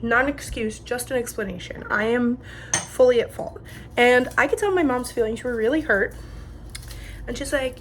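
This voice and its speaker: A woman's voice: a little high, moderate pace, slight background noise. A woman in her twenties from New Jersey telling stories in a chatty, slangy way while she cooks in her home kitchen. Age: 20s. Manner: chatty, slangy, animated retelling. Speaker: vlogger. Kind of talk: casual storytelling while cooking.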